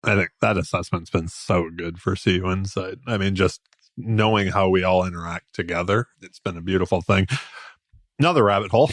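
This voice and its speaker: A man's voice: sits low, steady tone, a little fast, dry recording. Rambling male podcast host. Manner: rambling, loose questions with many fillers. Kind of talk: conversational interview.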